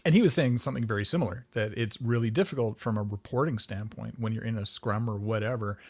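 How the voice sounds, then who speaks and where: A man's voice: fairly low pitch, fast. A man co-hosting a podcast in casual chat, easygoing, with dry asides and frequent backchannels. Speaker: podcast co-host.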